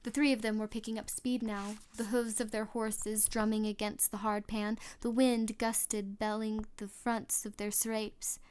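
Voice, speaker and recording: A woman reading a novel aloud as a storybook narration, steady, with small restarts now and then. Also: medium pitch, unhurried, few pauses, clear, resonant tone. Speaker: audiobook reader.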